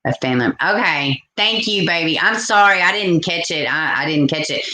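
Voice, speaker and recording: Lady live streaming, low voice, chatty, reacts to every comment. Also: expressive, normal speed, bright, forceful tone, reverberant. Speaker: live-stream host reading chat. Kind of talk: casual live-stream chat.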